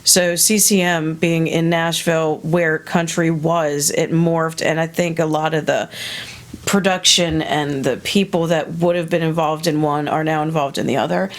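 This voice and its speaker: Woman, interview guest, opinionated and blunt, swears freely, casual talk. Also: normal speed. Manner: blunt, swearing, animated with sudden high quoted voices. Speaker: interviewed musician.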